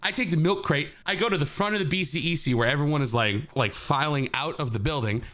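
A man's voice: on the high side, fast. A man co-hosting a podcast, telling a rambling story in casual chat and acting out the quotes. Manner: animated, rambling storyteller who acts out quotes.

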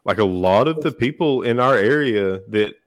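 A man's voice: mid-range voice, lively intonation, normal speed, dry recording. A man with an Appalachian Georgia accent, a guest on a podcast, talking in a folksy, opinionated way. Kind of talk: casual studio chat. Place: podcast studio.

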